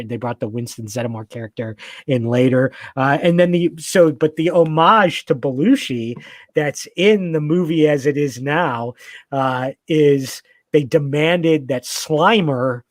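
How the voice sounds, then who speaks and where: A man's voice: mid-range voice, no room sound. A man in casual podcast chat, talking with enthusiasm and rambling through many fillers and restarts.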